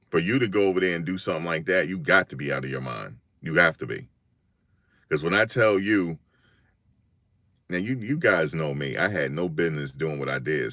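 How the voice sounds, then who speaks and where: Deep-voiced man from Virginia, chatting. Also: no room sound, studio quality. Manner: animated slangy storytelling, acts out quotes. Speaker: live-stream host. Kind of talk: casual live-stream chat.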